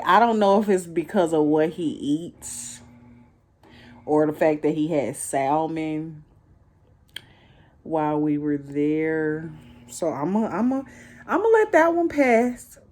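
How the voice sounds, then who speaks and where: Young woman with a low voice, slangy animated storytime vlog about her date. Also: slow. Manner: animated, slangy, laughs while telling the story. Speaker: vlogger recapping a date. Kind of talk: casual storytime chat.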